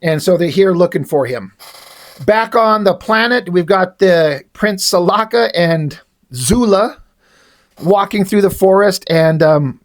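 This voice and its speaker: A man's voice: high-pitched, expressive, measured pace. A man casually retelling the plot of a comic issue, reading its dialogue aloud in his own voice with only small shifts for the characters. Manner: reads dialogue aloud with little character voicing. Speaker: comic book reviewer.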